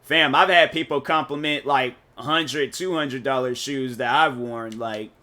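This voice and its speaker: A man's voice: medium pitch, measured pace, pushed and bright. A man streaming a game, chatting in a casual, rambling, slangy and joking way. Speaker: gaming streamer. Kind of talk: casual live-stream chat while playing.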